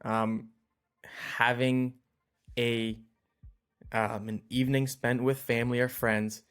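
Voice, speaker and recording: A man's voice: medium pitch, flat delivery, slow pace, fairly bright tone, clean tone. A man co-hosting a podcast in casual chat, easygoing and joking, agreeing readily. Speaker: podcast co-host.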